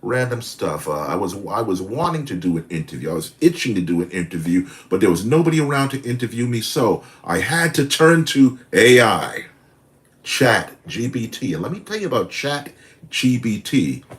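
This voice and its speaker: A deep-voiced man in his sixties talks to his livestream from home. He rambles in a friendly, animated way and corrects himself as he goes. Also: moderate pace. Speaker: caricature artist hosting a livestream. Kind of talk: casual live stream chat.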